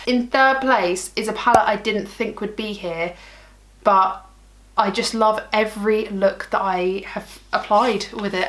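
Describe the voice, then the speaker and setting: A woman's voice: medium pitch, fairly bright tone. Gushing woman beauty vlogger. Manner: gushing, bubbly, self-mocking. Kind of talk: casual product ranking chat.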